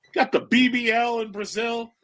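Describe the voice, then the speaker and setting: A man's voice: very high voice, fairly even intonation, moderate pace, a bit bright. A man hosting a stream, giving blunt, joking and profane reaction commentary in a casual way. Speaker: stream host.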